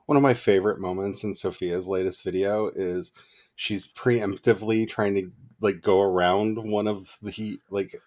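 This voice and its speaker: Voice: sits low, moderate pace. A co-host in casual chat, telling stories with lots of giggling. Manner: giggly, animated storytelling.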